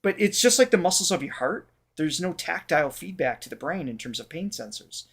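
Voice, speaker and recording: A man who is a vocal coach and show host, explaining how the voice works with everyday analogies in a relaxed reaction chat. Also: fairly high pitch, a little fast, breathy edge.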